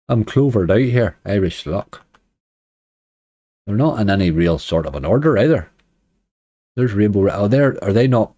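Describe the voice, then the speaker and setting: A man's voice: on the low side, sing-song, unhurried, long pauses, warm tone. A man hosting a late-night slots live stream, chatting casually, greeting viewers and laughing often. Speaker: slot streamer.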